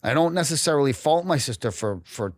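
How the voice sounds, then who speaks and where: This New England man, also a podcast guest, has a higher, animated voice and speaks fairly quickly. He recounts his story frankly and emotionally, cursing liberally and frequently cutting himself off to begin again, all captured in clean, echo-free studio sound.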